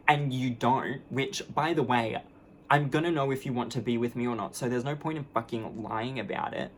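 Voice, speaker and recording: A woman's voice: rumbling low, normal speed, slight background noise. A woman vlogger ranting to camera in a casual monologue, blunt and profane, with sarcastic, mockingly sweet asides.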